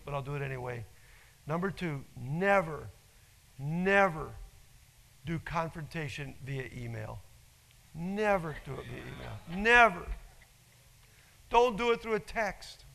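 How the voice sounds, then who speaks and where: Emphatic high-voiced male pastor. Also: creaky, fairly bright tone, rough recording. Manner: emphatic, folksy storytelling with repeated phrases. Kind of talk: sermon.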